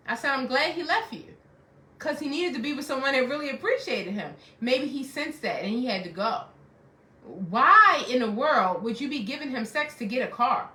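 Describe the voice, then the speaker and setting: Middle-aged woman, life coach; preachy, emphatic repeater, bright and higher voice, roomy echo. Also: expressive, moderate pace. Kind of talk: motivational self-help talk.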